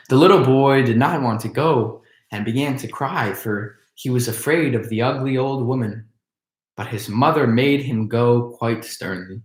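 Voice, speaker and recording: A man reading a children's storybook aloud, in a slow, measured style. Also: mid-range voice, slight background noise. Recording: echoey room.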